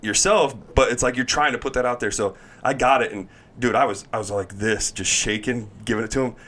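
A man, a guest on a podcast, chatting casually and telling animated stories, laughing often and acting out the voices of others. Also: medium pitch, fairly quick. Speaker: podcast guest, pro baseball pitcher. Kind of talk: casual chat, animated storytelling.

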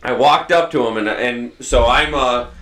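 A man's voice: medium pitch, measured pace. A man hosting a farming podcast, telling stories in a casual, swear-heavy way. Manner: profane, animated storyteller. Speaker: podcast host and farmer. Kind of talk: casual storytelling chat. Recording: roomy echo.

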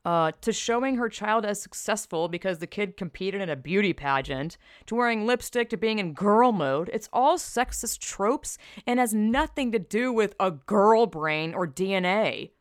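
Young woman ranting on her podcast, blunt, swears a lot, mid-pitch voice. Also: animated, moderate pace, few pauses, no echo, studio quality. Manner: emphatic, blunt and profane, sighs and exclamations. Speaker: podcast host. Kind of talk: casual opinionated podcast commentary.

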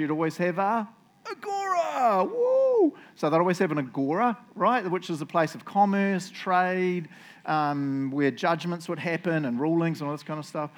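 A man giving a casual, playful Bible talk, joking and chatting with his listeners. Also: a little high. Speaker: preacher.

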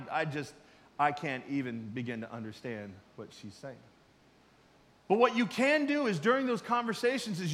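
A middle-aged man preaching a sermon in a conversational way, swinging from loud emphasis to quiet asides. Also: sits high, in a large hall. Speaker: pastor.

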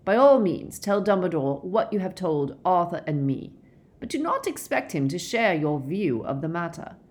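A woman reading a calm, weary middle-aged werewolf man, measured and gentle in an audiobook. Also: lowish voice.

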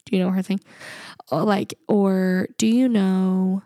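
A woman's voice: mid-range voice, little pitch movement, a little slow, warm tone, no room sound, studio quality. A young adult woman co-hosting a podcast, talking in an earnest, reflective way and laughing often. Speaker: podcast co-host. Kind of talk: casual podcast chat.

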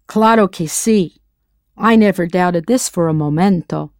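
A woman's voice: lowish voice, a little slow, a little mellow, dry recording, clean studio sound. Woman teaching in a playful quiz style. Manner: playful, quizzing the listener with questions. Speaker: language teacher. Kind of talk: scripted audio lesson narration.

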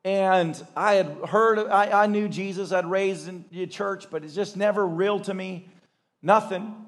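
A male pastor preaching a sermon, telling stories in an animated way and acting out the voices of the people in them. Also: high-pitched, measured pace. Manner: animated storytelling with acted-out voices and laughter.

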